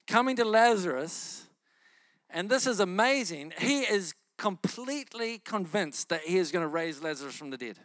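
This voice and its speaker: A man's voice: high-pitched, pushed and bright, dry recording. A man preaching a sermon with fervent, emphatic repetition that builds in intensity.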